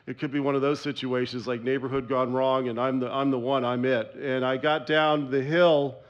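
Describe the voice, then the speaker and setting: A man's voice: medium pitch, highs cut off. A man candidly sharing his personal recovery story at a meeting, telling it in a self-deprecating way.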